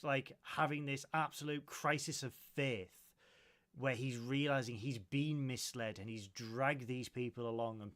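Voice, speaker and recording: A man co-hosting a casual film review podcast, animated as he retells scenes and quotes lines. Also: mid-range voice. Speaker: podcast co-host.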